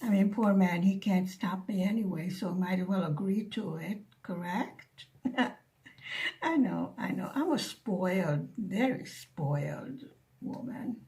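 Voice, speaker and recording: Slow, soft-spoken woman chatting while crafting. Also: mid-range voice, vocal fry. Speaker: craft vlogger. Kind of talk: casual chat while diamond painting. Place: living in Hungary, at home.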